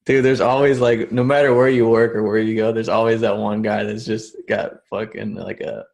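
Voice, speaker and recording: A man's voice: lowish voice, little pitch movement, moderate pace, gravelly, a little mellow. A man co-hosting a podcast, chiming in casually with short quips. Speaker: podcast co-host.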